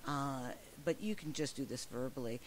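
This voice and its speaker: A woman's voice: a bass voice, moderate pace, a little hiss or hum. A woman presenting a teacher training webinar, upbeat and emphatic as she walks through slides. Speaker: professional development trainer.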